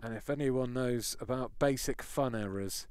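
A man's voice: medium pitch, moderate pace, a little mellow, clean tone. A man giving live gameplay commentary, sarcastic and exasperated, swearing often. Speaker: game streamer.

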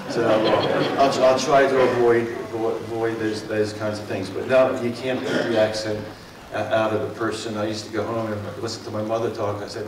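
In a meeting room, a middle-aged water district speaker from the Mid-Atlantic, with a Philadelphia and South Jersey accent, rambles folksily to a community forum, correcting himself and using lots of fillers. His fairly low voice barely moves in pitch and keeps a moderate pace. The recording is rough and roomy, taken from a distance, with crowd noise.

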